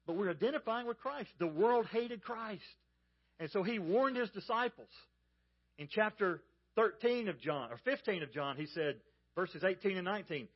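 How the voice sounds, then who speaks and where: A pastor from the American South with a Southern accent, preaching a sermon in a folksy storytelling manner and speaking straight to the congregation. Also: male voice, high voice, expressive, normal speed, breathy edge, lo-fi sound. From Georgia, US South.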